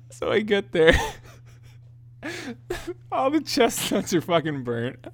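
A young man with a high voice tells a story on his podcast in a loose, casual way. He keeps breaking into laughter and drops curse words freely, with the energy of someone amused by his own tale. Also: takes it slowly, no room sound. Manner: laughing, swearing, animated. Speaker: podcast host.

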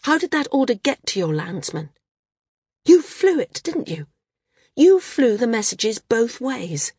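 A woman's voice: a little high, big pitch swings, unhurried, a little mellow, slightly rough, no room sound, clean studio sound, pitched above the performer's own voice, exaggerated voice. A woman voicing an angry, confrontational woman flyer with a hard, accusing delivery, in an audiobook. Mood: demanding.

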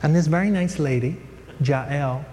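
A man's voice: fairly high pitch, unhurried, warm tone. Jokey male Bible lecturer in a hall. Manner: chatty, digressive, joking, many fillers. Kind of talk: humorous lecture to an audience. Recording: long hall reverb, faint noise.

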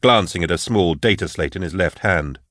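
A man narrates an audiobook with a deep, low voice. His reading is measured and even. The recording is close and dry, with no room sound. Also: no echo.

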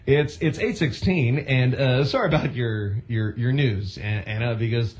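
A man's voice: medium pitch, normal speed, darkish tone. A man hosting a radio show, rambling casually with many restarts.

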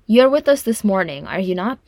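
A woman's voice: mid-range voice, very animated, fairly quick, gravelly, darkish tone, no room sound. Woman reading as a proud, wry dwarf prince. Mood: dry. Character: proud young male dwarf prince, dry-humored. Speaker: reader voicing a character. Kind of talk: audiobook fan fiction reading.

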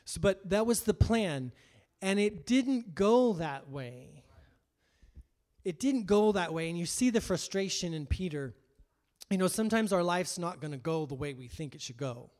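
A man's voice: high-pitched, animated, unhurried. Preaching man with swings in volume. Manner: acts out voices of biblical figures, swings from hushed to loud. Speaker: pastor. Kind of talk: sermon.

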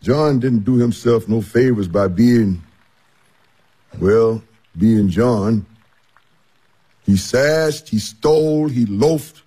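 An actor playing an easygoing older household servant who chuckles often and talks in a folksy way. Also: male voice, mid-range voice, slow, long pauses, dark tone, husky.

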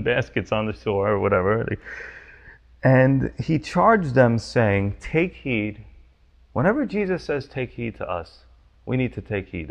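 Guy preaching a sermon, gravelly, mid pitch, pushes hard on questions. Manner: emphatic preaching with rising, urgent questions. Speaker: pastor.

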